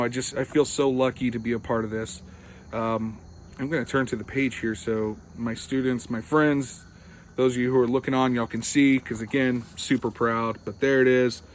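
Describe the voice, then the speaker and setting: A man who teaches and writes, making a casual, earnest video announcement and talking haltingly with many restarts. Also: medium pitch, slight background noise. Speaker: teacher and author.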